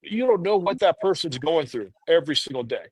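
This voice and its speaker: A man's voice: fairly high pitch, expressive, fairly quick, breathy edge, no echo. A man in his thirties, a podcast guest, telling a candid personal story in an earnest, rambling way full of "you know".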